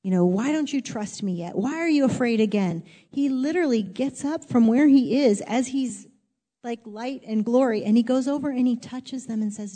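A woman's voice: a little high, expressive, normal speed, warm tone, big-room sound. A woman preaching a sermon in an earnest, conversational way, rising to emphatic exhortation.

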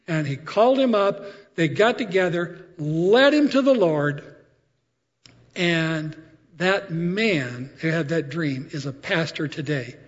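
A male preacher tells stories from the pulpit in a relaxed, animated sermon voice that sits a little high for a man. His voice rings out with a long reverb tail, and the recording sounds slightly dull and muffled. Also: takes it slowly. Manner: conversational, animated storytelling with asides. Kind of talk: sermon storytelling.

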